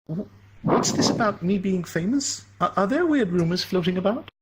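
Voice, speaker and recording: A woman's voice: mid-range voice, expressive, normal speed, a little hiss or hum, pitched above the performer's own voice, lightly acted, low-quality recording. A man reading a story aloud and voicing a shy, nervous young office woman who sounds flustered and apologetic.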